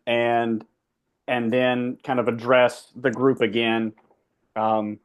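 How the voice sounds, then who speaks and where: A man's voice: medium pitch, little pitch movement, slow pace, clear, resonant tone. A man playing a tabletop game, giving long rambling in-character speeches. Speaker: player. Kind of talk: tabletop role-play.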